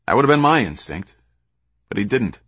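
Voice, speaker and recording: A man reading a blunt, gruff American officer. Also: lowish voice, very animated, brisk, a bit bright, dry recording, exaggerated voice. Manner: gruff, profane.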